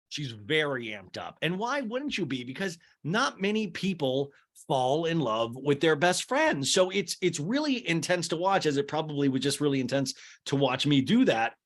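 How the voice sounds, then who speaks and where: A man's voice: a little high, normal speed, hardly any pauses. A man hosting a podcast, recapping reality TV in comedic, joking chat and putting on voices now and then. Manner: animated, joking, slips into voices for the people he describes. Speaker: podcast host.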